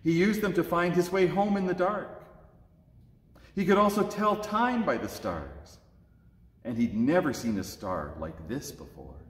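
A man reads a children's story aloud during a church service. His delivery is slow and animated, with his pitch rising and falling. The recording rings with the long, roomy echo of the church. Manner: expressive, lively read-aloud delivery. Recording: echoey church with long reverb.

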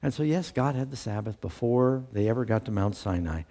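A man's voice: fairly low pitch, animated, a little fast, mellow. A man teaching a Bible study lesson to a class, reading scripture aloud with lifted emphasis and posing questions that he then answers himself.

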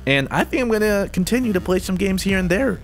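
A young man giving running commentary over a video game as a gaming channel host, often breaking into high excited yelps when the action spikes. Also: fast talker, faint music behind. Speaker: gaming YouTuber. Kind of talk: gameplay commentary.

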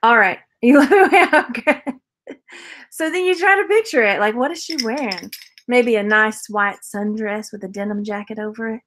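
A woman's voice: a little high, normal speed, a bit bright. A woman casually chatting through a jewelry unboxing haul as a reseller vlogger, rambling, laughing often and answering viewer comments. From Texas.

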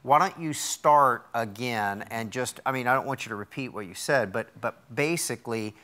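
A man's voice: mid-range voice, moderate pace, sharp tone. A male talk show host in a television studio, interviewing a guest and summing up his points for viewers. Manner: rephrases and sums up for viewers.

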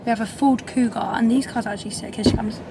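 A woman's voice: on the high side, steady tone, quick pace, very noisy. A young woman with an English accent, chatting in a bubbly, rambling way as she vlogs a holiday. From England. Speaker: vlogger. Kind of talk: casual vlog chat.

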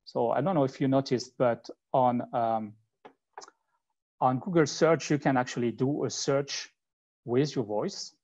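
Halting French-accented man presenting. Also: medium pitch, a little mellow. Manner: halting and conversational, thinking aloud. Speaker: conference speaker. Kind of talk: live technical presentation with demos. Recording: slightly muffled online talk recording.

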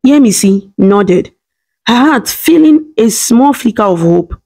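A woman reading a scripted story in a steady, dramatic way. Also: a little high, a little slow.

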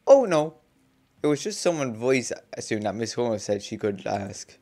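Young adult gamer, let's-play, reads game text aloud, lively, bouncy pitch, mid-range voice, laughs a lot, mutters swears. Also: moderate pace. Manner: chatty, laughs often, swears under breath. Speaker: gamer reading a visual novel aloud.

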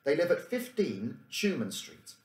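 A man's voice: on the high side, big pitch swings, unhurried, voice pushed up. A man reading aloud and voicing an earnest young boy who sounds a little anxious. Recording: roomy room echo.

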